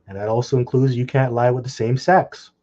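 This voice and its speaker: A man preaches in a dark, mellow voice, reading scripture slowly and then breaking into heated, scornful commentary. His speech is full of crude insults and short laughs. The recording sounds dull and lo-fi. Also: mid-range voice, steady tone. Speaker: online preacher.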